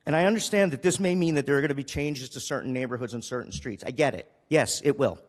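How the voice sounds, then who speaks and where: A city councilor speaking with emotion and frequent restarts during a council meeting. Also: male voice, medium pitch, fast, long reverb tail. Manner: emotional, pleading, with restarts and repetition. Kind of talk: impassioned council meeting speech. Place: council chamber.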